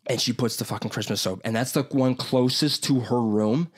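Young guy rambling on a podcast, swears a lot, does goofy loud voices. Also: mid-range voice, steady tone, moderate pace, husky. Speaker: podcast host. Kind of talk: casual chat.

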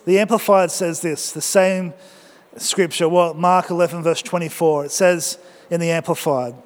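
Pastor guy preaching, high voice, upbeat and jokey, long church echo. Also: moderate pace. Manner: energetic, joking, exhorting the congregation. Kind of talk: sermon.

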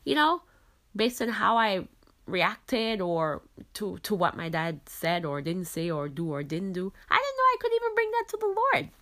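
Woman podcast host, Caribbean-raised, faith talk, earnest and reflective, middle pitch. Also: big pitch swings, normal speed, fairly bright tone. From Caribbean islands. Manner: earnest, reflective, frequent "you know".

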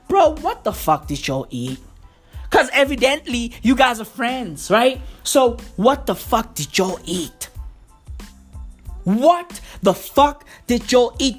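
Profane ranting woman. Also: a little high. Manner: swearing, exaggerated, animated and slangy. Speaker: comedian. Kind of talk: profane comic rant.

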